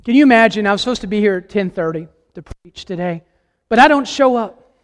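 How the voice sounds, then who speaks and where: High voiced guy preaching hard in a church, big echo hanging after every line. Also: lively intonation, fast talker. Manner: impassioned, emphatic, asks the congregation questions. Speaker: guest preacher. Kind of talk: sermon. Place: church sanctuary.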